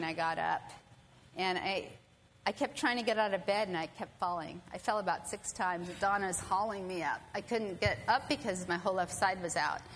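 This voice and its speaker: A woman's voice: medium pitch, a little hiss or hum. Woman telling a story in a reverberant hall. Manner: animated, acts out quoted voices. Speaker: storyteller speaking to an audience. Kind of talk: personal storytelling. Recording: long hall reverb, faint ambience.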